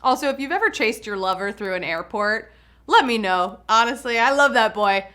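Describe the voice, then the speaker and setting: A woman's voice: fairly high pitch, animated, moderate pace, bright, forceful tone. A woman hosting a live trivia game, chatty and bubbly, laughing often. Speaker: trivia game show host.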